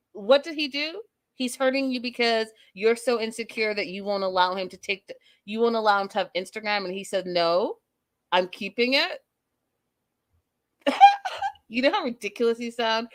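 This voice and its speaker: Sassy woman host with a slightly high voice. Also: fairly bright tone. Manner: blunt, sassy, profane. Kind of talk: casual recap commentary.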